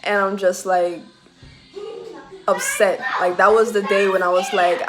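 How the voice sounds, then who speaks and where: Over music, a young woman with a lowish voice recounts a military story from her own life at normal speed and in a level tone. She's a vlogger, casual and heated, cursing and laughing along the way, with heavy background hiss on the audio.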